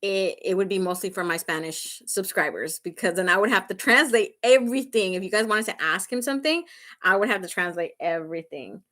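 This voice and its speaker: A woman's voice: medium pitch, a little fast, sharp tone. A woman hosting a live makeup tutorial, chatting casually and laughing often as she talks straight to her viewers. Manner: talks straight to viewers, asking "right?" and "okay?". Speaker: beauty vlogger hosting a livestream.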